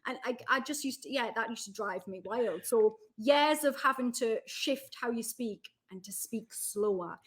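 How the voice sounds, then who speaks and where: A woman's voice: fairly high pitch, unhurried, few pauses. Chatty Geordie woman in her thirties. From Newcastle, England. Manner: chatty, rambling, filler-heavy with many asides. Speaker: guest. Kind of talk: casual podcast chat.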